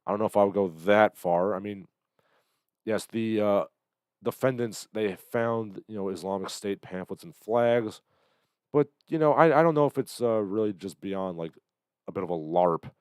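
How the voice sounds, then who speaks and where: A man hosting a livestream, commenting on the news in a sardonic, halting way with lots of fillers, still getting over an illness. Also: lowish voice, clean tone, dry recording. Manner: sardonic, hesitant with many fillers. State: recovering from illness, coughing. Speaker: livestream host.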